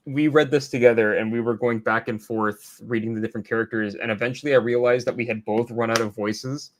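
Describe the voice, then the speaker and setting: A man guest in a casual comics chat, wry and jokey, tossing in quick asides. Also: mid-range voice, steady tone.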